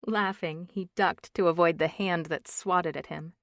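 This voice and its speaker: This is scripted audiobook narration by a woman with a medium-pitched voice, delivered evenly and with measured pacing. The recording is clean studio audio without any room sound.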